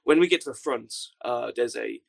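Gravelly, wry man. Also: mid-range voice, normal speed. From Wales. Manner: deadpan, wry understatement. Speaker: guest. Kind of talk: casual storytelling anecdote.

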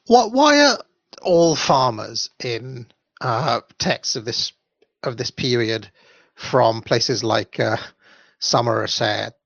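A man's voice: medium pitch, animated, takes it slowly, vocal fry, a bit bright, no echo. A man chatting casually as co-host, reading out the live chat and making wry, rambling asides. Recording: dry lo-fi sound.

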